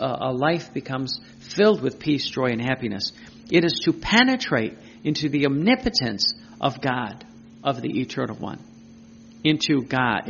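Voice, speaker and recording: Gravelly man preaching on a dull recording. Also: mid-range voice, fairly bright tone, a little hiss or hum. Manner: earnest, piles up lists and rhetorical questions. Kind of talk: devotional teaching talk.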